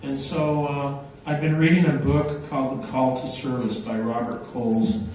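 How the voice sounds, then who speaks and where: An older man giving an unhurried, anecdotal talk to an audience, with many fillers, recorded from afar in a large echoey hall. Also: mid-range voice, steady tone, darkish tone, recorded from a distance, slight background noise. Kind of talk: public talk. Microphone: microphone, then unamplified.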